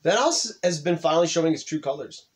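A young man hosting a let's play, chatting casually and swearing, yelling out when the game startles him. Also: fairly high pitch, animated, fast talker. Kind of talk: casual gaming commentary.

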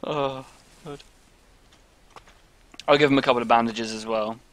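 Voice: medium pitch, steady tone, unhurried, a bit bright. A gamer giggling nonstop while playing a game with a friend. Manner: giggling constantly, amused. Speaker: co-player. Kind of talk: casual gaming commentary.

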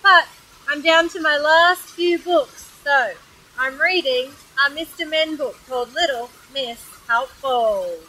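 An Australian woman reads a children's picture book aloud outdoors by a waterfall. Her voice is high and bright, and she reads in an animated, expressive way. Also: slow pace, rough recording. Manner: animated, expressive storybook reading. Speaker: storyteller.

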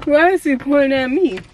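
A woman's voice: high-pitched, background noise. A young woman hosting a casual vlog from her car, teasing and laughing as she talks. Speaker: vlogger host. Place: car at an airport pickup. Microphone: handheld phone camera.

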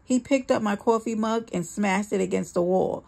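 A woman's voice: medium pitch, moderate pace, vocal fry, darkish tone. A woman reading a first-person memoir aloud, with a dramatic, earnest storytelling manner. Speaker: audiobook reader.

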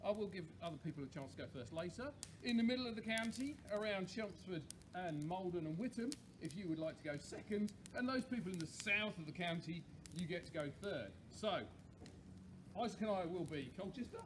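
A man's voice: high-pitched, animated, slight background noise. A man, a campsite warden, cheerfully hosting a campfire sing-along outdoors. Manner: cheerful, chatty, quick asides.

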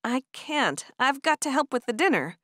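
Woman voicing an excitable young Amish woman. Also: high-pitched, moderate pace, no room sound, clean studio sound, pitched above the performer's own voice. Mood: eager. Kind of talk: audiobook character voice.

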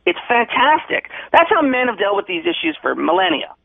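Brief: man, tough-guy bravado, preachy phone advice, very animated delivery. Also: extremely high pitch, fairly quick, creaky, husky, phone-quality sound. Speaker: friend giving advice by phone.

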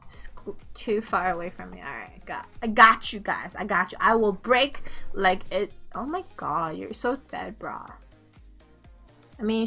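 A woman giving live gameplay commentary, excitable, swearing and laughing, with squeals when things heat up. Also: mid-range voice, vocal fry. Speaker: game streamer.

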